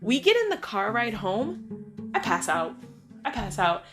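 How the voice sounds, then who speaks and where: A middle-aged woman hosts her own vlog and tells personal stories in a casual, lively way. Her voice sits a little high, and she slips into other people's voices as she recounts what they said. Clear music plays behind her. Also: unhurried. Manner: animated, acts out friends' voices and lines. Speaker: vlog host. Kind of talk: casual storytelling monologue.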